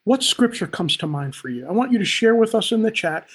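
A man's voice: high-pitched, very animated, fairly quick, fairly bright tone, husky. A man speaking as a pastor on a livestream, upbeat and talking straight to viewers in the chat. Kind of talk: livestream Bible teaching.

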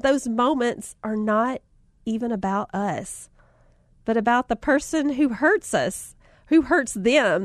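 With a Southern US accent and a voice a bit high for a woman, she shares life lessons in a casual, motivational style, telling lively personal stories and laughing between lines. She often calls her listeners "y'all," and the recording is dry and close with almost no room echo.

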